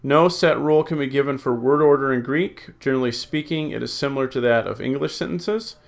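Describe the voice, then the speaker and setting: A man teaching a recorded Greek lesson, slowly drilling word forms, reading out rules and thinking aloud with many ums and uhs. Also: medium pitch, vocal fry. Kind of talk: recorded classroom lecture.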